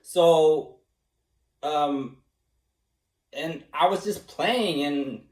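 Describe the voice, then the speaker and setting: A man being interviewed, speaking casually, animated and self-mocking, laughing often and slipping into impressions. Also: on the high side, extremely slow. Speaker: interviewee, former student. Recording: echoey room, mic at a distance.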